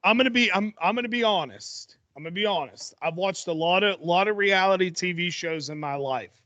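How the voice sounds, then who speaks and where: High, bright-voiced excitable young man. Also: a little fast, no echo. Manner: excited, rambling storytelling with restarts. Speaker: podcast co-host. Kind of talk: casual chat.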